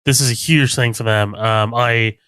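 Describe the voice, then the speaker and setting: A man co-hosting a movie podcast in relaxed chat, swearing casually and using lots of fillers. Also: mid-range voice, moderate pace, clean tone, dry recording, studio quality. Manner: casual, profane, many fillers. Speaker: podcast co-host.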